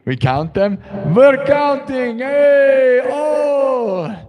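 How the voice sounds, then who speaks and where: A man voicing a campy male vampire spa greeter with a drawn-out, theatrical vampire accent. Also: very high-pitched, expressive, roomy sound, in a large hall, crowd noise, voice pushed up, heavily acted. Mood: exuberant.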